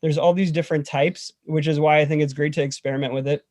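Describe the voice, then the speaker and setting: A man guest explaining a breathing meditation in a relaxed, rambling way, full of "like". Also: a little high, quick pace, dry recording. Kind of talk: casual video-call chat and instruction.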